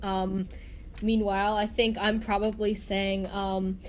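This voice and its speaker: A woman's voice: medium pitch, level tone, slow. A woman from Massachusetts playing a tabletop game, hesitant and full of fillers. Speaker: player. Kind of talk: tabletop role-play.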